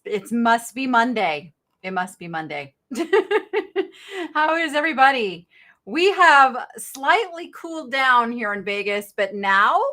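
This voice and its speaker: A woman's voice: fairly high pitch, sharp tone. A woman hosting a live online shopping sale, chatting casually with viewers and laughing often. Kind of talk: casual live-stream sales chat. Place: home studio with sale items behind her.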